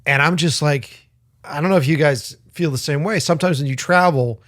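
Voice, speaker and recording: A man's voice: a little high, brisk, dry recording, clean studio sound. A man co-hosting a podcast, telling a rambling, profane story and acting out the voices in it. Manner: profane, rambling, lively retelling with quoted voices. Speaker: podcast co-host. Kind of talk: casual storytelling.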